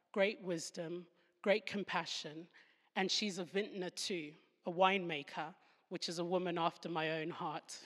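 A woman's voice: fairly low pitch, big-room sound. A woman with a Southern African accent giving a devotional Bible talk, with humorous asides where she laughs at herself. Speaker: Bible teacher.

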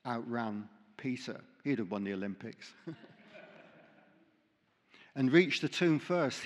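A man's voice: mid-range voice, long reverb tail, highs cut off. A man preaching a sermon, reading scripture aloud with dramatic emphasis and dropping in light asides. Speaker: pastor.

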